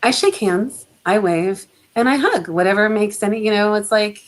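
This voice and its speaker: A woman's voice: medium pitch, animated, moderate pace, low-quality recording. A middle-aged woman speaking as a guest on a video call, reflective and chatty, laughing often. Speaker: guest photographer. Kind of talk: casual chat.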